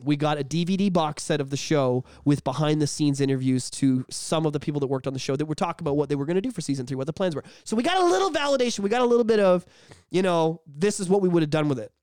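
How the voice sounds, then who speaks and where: A man co-hosting a casual podcast, telling stories in an excited, rambling way and swearing freely. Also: fairly high pitch, clear, resonant tone, no echo, clean studio sound. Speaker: podcast co-host. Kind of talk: casual chat.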